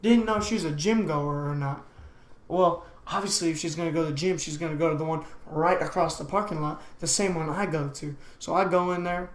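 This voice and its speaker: A man's voice: a little high, fairly even intonation, fairly quick. A young man hosting a casual solo podcast, rambling along in slangy talk full of "man" and "dude". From United States. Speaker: podcast host. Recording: echoey room.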